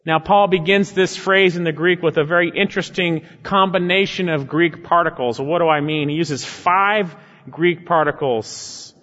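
A man preaches in a large church, his fairly high voice carrying a long reverb off the walls. The sound is a little muffled. He stresses key phrases with rising force, then drops low and slow to close each point. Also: a bit bright. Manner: emphatic, swells in pitch and volume on key phrases, drops low and slow at line ends. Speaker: pastor. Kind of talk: expository sermon.

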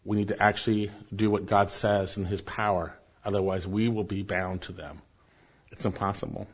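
A male pastor preaching a sermon, rising for emphasis and then dropping soft. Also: lowish voice, level tone, normal speed, breathy edge, muffled recording.

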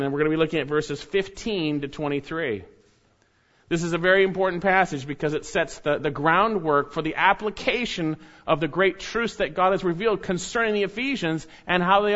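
A man preaching a sermon, earnest and steady, reading scripture aloud with rising emphasis. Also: high-pitched, normal speed. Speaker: pastor. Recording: dull lo-fi sermon recording.

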